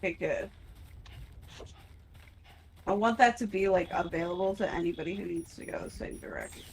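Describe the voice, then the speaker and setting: A woman streamer chatting casually as she plays, narrating each move with lively reactions. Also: lowish voice, moderate pace, gravelly, slight background noise, low-quality recording. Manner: chatty, animated, narrates her moves. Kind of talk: casual gameplay chat.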